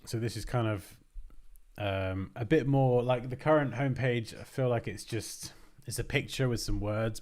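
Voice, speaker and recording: A man's voice: lowish voice, darkish tone. A British man hosting a design livestream, chatting casually and thinking aloud as he works. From Britain. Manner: rambling, thinks aloud, restarts phrases.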